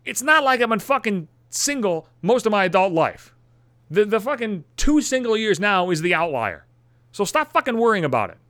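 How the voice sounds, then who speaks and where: A man's voice: sits high, very animated, normal speed, fairly bright tone, no echo. A man in his thirties from the Buffalo area hosting a podcast, ranting in a profane, exasperated and sarcastic casual monologue. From Buffalo area, USA. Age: 30s. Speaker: podcast host.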